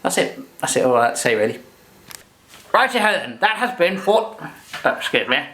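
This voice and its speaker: Male cooking host, lively sing-song delivery, goofy rambling asides. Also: fairly high pitch, fairly quick. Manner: jokey, rambling, self-correcting asides. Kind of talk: comic in-character cooking demo.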